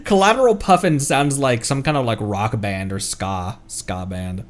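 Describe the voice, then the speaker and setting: A man's voice: on the low side, expressive, unhurried. A man live-streaming a game in casual commentary, goofy and jokey, laughing at his own puns and reading in-game lore aloud.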